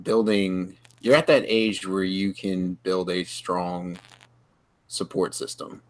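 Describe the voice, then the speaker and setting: A man's voice: deep voice, fairly even intonation, slow pace. A man co-hosting a casual podcast who talks earnestly and offers advice. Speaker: podcast co-host. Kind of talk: casual chat.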